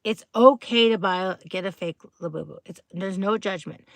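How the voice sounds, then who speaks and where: A woman's voice: mid-range voice, normal speed, no echo. A woman hosting a casual live stream, chatting to viewers in a bubbly way, full of "like" fillers and greetings. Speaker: livestream host.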